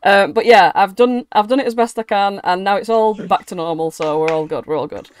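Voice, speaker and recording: A woman's voice: medium pitch, a little fast. Giggly woman hosting. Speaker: host. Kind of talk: casual chat on a video call. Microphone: webcam video call.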